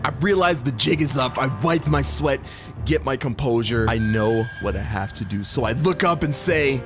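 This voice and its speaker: A young man narrating a comedic storytime in an expressive, playful way with slang. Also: mid-range voice, normal speed, music in the background.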